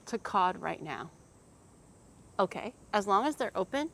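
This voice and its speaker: A woman's voice: medium pitch, animated, measured pace, vocal fry, fairly bright tone. Chatty woman streamer, teasing and cursing a lot, faint hiss behind. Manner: chatty, teasing, swears freely, laughs often. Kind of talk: casual stream chat.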